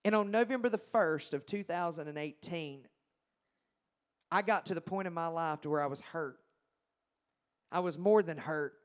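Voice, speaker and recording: A young man, telling his personal testimony to a congregation. He speaks emphatically and swings from loud to hushed. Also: fairly high pitch, normal speed, long pauses, clean tone. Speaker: Christian singer-songwriter giving his testimony.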